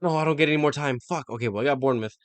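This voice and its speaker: A man's voice: mid-range voice, very fast, clear, resonant tone, no room sound. A young man streaming himself taking a football quiz, muttering to himself and swearing when he gets stuck. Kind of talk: live-stream quiz commentary.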